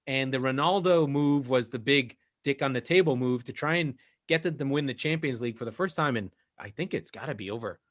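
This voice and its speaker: A man co-hosting a casual football podcast, animated and profane, his pitch jumping up when he makes a point. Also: a little fast, few pauses. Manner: animated, profane, rising to high emphatic pitch. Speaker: podcast co-host. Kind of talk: casual sports chat.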